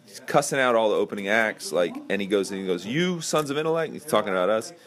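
A middle-aged man with a fairly low voice, chatting casually as a podcast host. He tells a long story with lively energy and slips into quoted voices along the way. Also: fast. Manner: animated storyteller acting out quotes.

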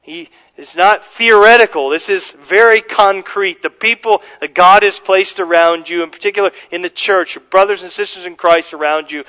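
High-voiced earnest male preacher. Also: sharp tone, low-quality recording. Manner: earnest, emphatic, repeats words when starting sentences; slows down to stress scripture phrases. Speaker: pastor. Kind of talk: sermon.

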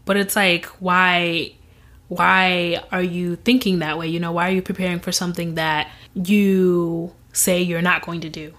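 A young woman as an interview guest, telling a personal story in an animated way and acting out what others said. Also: on the low side, unhurried. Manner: animated, acts out quoted voices, laughs often.

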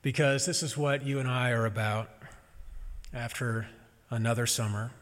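A man preaching a sermon as a minister, gentle and reflective with touches of humor. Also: medium pitch, in a large hall.

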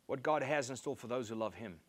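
A man with a husky voice and lively intonation preaches a sermon briskly, reading scripture aloud. He is emphatic, repeating key phrases and lifting his pitch to stress his points.

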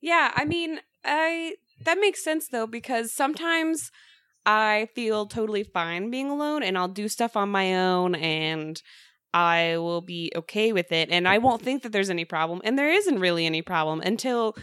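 A woman's voice: medium pitch, moderate pace, fairly bright tone, clear, resonant tone, no echo, clean studio sound. A young woman co-hosting a casual podcast, giggly and self-mocking, playing up her reactions. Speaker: podcast co-host.

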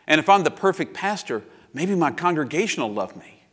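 A man's voice: a little high, big pitch swings, brisk, a bit bright, husky. A man in his fifties preaching a sermon as pastor, reflective and confessional, with personal asides.

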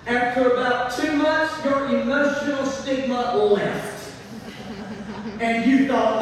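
High-voiced preacher in an echoey church. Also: male voice, takes it slowly. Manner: animated, emphatic preaching with asides to the congregation. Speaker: pastor. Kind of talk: sermon. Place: large church sanctuary. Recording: echoey hall from far off.

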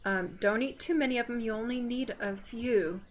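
A woman's voice: on the high side, normal speed. Chatty Southern woman. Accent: Southern American. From Southern United States. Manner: chatty and digressive, with teasing asides and laughter. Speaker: podcast co-host. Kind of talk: casual faith podcast chat.

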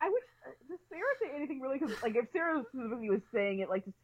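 A young woman co-hosting a podcast, chatting quickly about a TV show with fillers and joking asides. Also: sits high, big pitch swings, dull audio. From child of African immigrants. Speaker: podcast co-host. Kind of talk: casual chat recapping a TV show.

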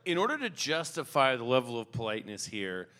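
A man guesting on a live comedy podcast, riffing with sudden shouted bits. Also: medium pitch, sing-song, brisk.

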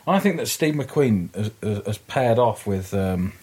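A man chatting casually about a film, animated and swearing, laughing mid-sentence with halting restarts. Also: on the low side, breathy edge.

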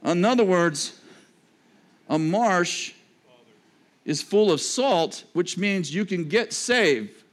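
A man preaching a sermon in a conversational way, with joking asides and sudden drops to a low register. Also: animated, slow pace, pauses often. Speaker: pastor.

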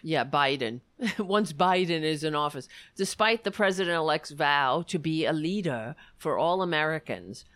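Woman, livestream host, sarcastic political commentary, swings up and down in pitch, dry close sound. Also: animated, moderate pace, fairly bright tone, no room sound. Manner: sarcastic and profane, with frequent self-interruptions. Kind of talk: political commentary livestream, reading news aloud.

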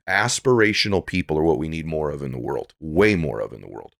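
A man's voice: very deep voice, expressive, a little fast, gravelly, a bit bright. A middle-aged man speaking as a podcast guest, giving earnest, preachy motivational talk that builds to emphatic peaks.

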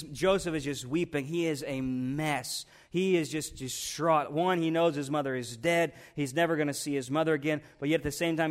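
Man, pastor preaching, earnest folksy storytelling, slightly high voice. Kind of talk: sermon.

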